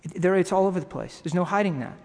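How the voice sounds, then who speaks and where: A man preaching a sermon to his congregation, earnest and halting, with pauses and restarts. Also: high voice, animated, vocal fry, darkish tone. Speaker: pastor. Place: church sanctuary. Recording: long reverb of a hall.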